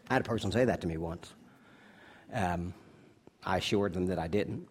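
Male pastor, sermon delivery, loud emphatic peaks and low quiet asides. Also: breathy edge. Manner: stretches key words slowly for emphasis.

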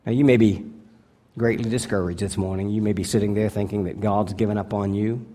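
A male pastor preaching a sermon, earnest and deliberate, slowing down to stress key words and dropping to a hushed tone for his appeals. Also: lowish voice, fairly even intonation.

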